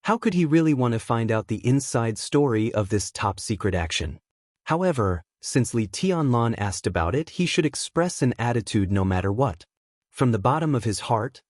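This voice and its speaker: A man reads a martial-arts fantasy audiobook aloud in a steady, even voice pitched right in the middle. The recording is dry and close-miked, with no room sound whatsoever.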